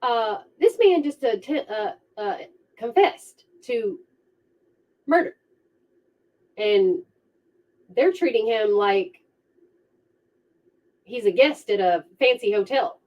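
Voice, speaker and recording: A woman vlogger telling a true crime story casually, with an animated, sarcastic manner, on a dull lo-fi recording. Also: fairly high pitch, slow, pauses often. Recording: dull lo-fi sound.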